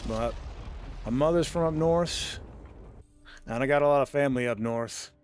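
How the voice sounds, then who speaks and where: A man's voice: medium pitch, moderate pace. An easygoing man from the American South chats casually while streaming a game, rambling between moves and laughing often. His voice sits in a middle range for a man. There is a faint hiss behind him. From Southern United States, Florida. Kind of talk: casual live-stream chat while gaming.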